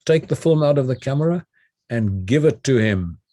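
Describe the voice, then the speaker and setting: A man's voice: medium pitch, normal speed, dark tone, natural voice. An older South African man voicing a stern, commanding American woman who gives clipped orders.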